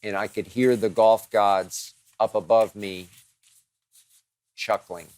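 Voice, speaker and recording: A man's voice: fairly low pitch, level tone, slow pace, darkish tone, dry recording. A man hosting a show, answering listener questions in a dramatic, emphatic monologue that piles up strong words.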